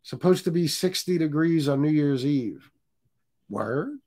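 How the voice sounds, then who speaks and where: A man's voice: on the high side, animated, measured pace, dark tone. Profane joking man. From US Northeast. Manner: profane, joking, reads viewer comments aloud. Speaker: livestream host. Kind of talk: casual livestream chat.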